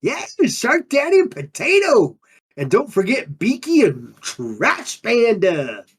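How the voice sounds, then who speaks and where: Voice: mid-range voice, huge pitch swings, slow, breathy edge, heavily acted. A performer playing a laid-back undine monk who talks in drawling surfer slang, in an improvised in-character interview. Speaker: player character.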